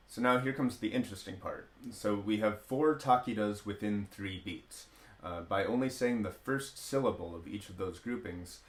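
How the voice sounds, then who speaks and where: A man's voice: lowish voice, moderate pace, very noisy. A man teaching a music lesson, explaining rhythm step by step with frequent hesitations. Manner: chants rhythm syllables in steady counted patterns. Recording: roomy echo.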